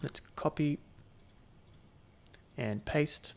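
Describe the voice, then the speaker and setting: A man's voice: on the high side, drawn-out words, vocal fry. A man giving gameplay commentary, thinking aloud and muttering counts to himself as he plays. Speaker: gaming channel host.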